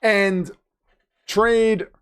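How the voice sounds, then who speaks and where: Man, slightly high voice, chatty live-stream host, joking, reads donations. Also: fairly even intonation, very slow, a bit bright, clean tone. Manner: chatty, joking, reads donations aloud, mocks the team's managers. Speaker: livestream host. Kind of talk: casual live watch-party chat.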